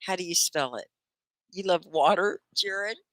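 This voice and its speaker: A woman's voice: lowish voice, unhurried, no echo. A middle-aged woman from Texas hosting a live English lesson, reading viewer comments aloud, chatty and upbeat, laughing often and quizzing her students. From Texas, United States. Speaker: ESL teacher hosting a live class.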